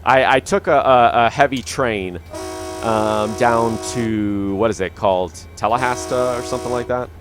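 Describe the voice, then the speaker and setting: Over music, a young man hosting a gaming channel offers loose, meandering commentary on his play, heavy with fillers and restarts. His mid-range voice keeps a moderate pace, captured on a dynamic studio mic.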